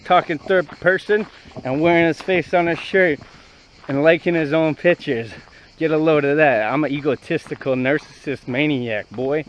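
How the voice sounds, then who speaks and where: A man's voice: a little high, normal speed, a little hiss or hum, rough recording. Brash, profane young Canadian man. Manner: brash, profane, rambling banter. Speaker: vlogger. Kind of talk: casual walking vlog. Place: outdoors at ruins.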